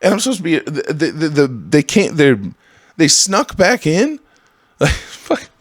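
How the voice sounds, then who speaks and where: A man in his thirties hosting a solo podcast, ranting with constant swearing and jumping into high, exasperated outbursts. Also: big pitch swings, measured pace, breathy edge, dry recording. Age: 30s. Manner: profane, ranting, swings into high exasperated bursts. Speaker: podcast host.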